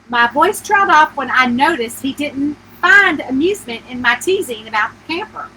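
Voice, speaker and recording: A woman author reading her own novel aloud as a bedtime story at home, narrating in first person with lively feeling for the heroine. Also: high voice, normal speed, hardly any pauses, slight background noise, poor audio.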